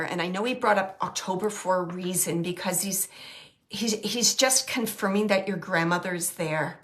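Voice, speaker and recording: A woman medium giving a live reading to an audience member, talking in a halting, searching way with soft whispered asides. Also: lowish voice.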